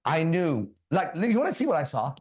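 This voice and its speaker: A man hosting a casual talk show, animated, preachy and swearing freely. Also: a little high, fairly quick. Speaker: podcast host. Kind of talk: casual chat.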